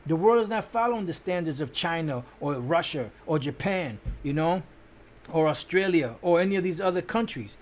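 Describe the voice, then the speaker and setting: A man teaching from the Bible in a loose, casual way, cursing freely and pausing often with fillers and restarts. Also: on the high side, animated. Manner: looks up words while talking. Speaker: street preacher.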